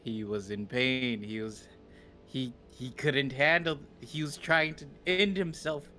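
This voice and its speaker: Bright-voiced young man playing a character. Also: mid-range voice, fairly even intonation, takes it slowly, faint music behind. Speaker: player. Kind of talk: playing a character in a tabletop game.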